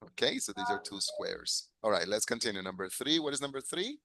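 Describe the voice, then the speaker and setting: Patient teacher. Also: male voice, fairly low pitch, wildly swooping pitch, brisk, vocal fry, sharp tone, low-quality recording. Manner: patient, repeats and corrects words, praises students. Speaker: English teacher. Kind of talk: classroom lesson mixing English and Spanish.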